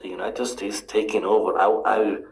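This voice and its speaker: A man calling in to a live stream, arguing his point in a halting way and repeating words. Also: lowish voice, little pitch movement, low-quality recording. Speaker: guest caller.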